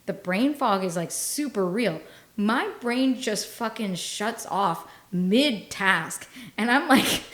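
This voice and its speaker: A woman's voice: medium pitch, slow pace. Laughing, self-mocking woman podcast host. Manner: self-deprecating, laughs often, animated storytelling. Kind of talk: casual comedic chat.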